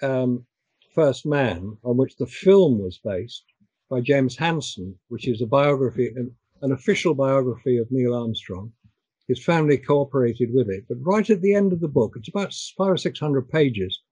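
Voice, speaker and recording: An older man chatting on a discussion call, pausing and repeating words as he talks. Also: medium pitch, lively intonation, a little mellow, slightly rough, no echo, low-quality recording. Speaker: guest. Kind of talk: casual chat.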